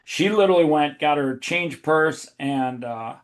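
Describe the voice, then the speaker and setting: Here the host's fairly high voice moves at a measured pace as he rambles through long conversational stories on his casual podcast. He often restarts, interrupts himself, and laughs in the middle.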